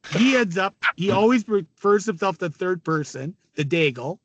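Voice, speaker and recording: A middle-aged man with a fairly high voice spins rowdy locker-room stories as a podcast guest, laughing and cursing as he goes. The sound is dry and close, with no room around it. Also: normal speed, no room sound. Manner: animated, laughing, swearing storyteller. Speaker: former hockey player, podcast guest. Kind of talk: casual storytelling.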